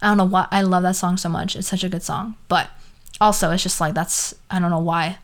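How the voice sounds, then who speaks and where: A woman's voice: lowish voice, steady tone, a little fast. A young woman hosting a podcast, ranting casually in an exasperated, sarcastic way, swearing freely and trailing off into asides. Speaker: podcast host.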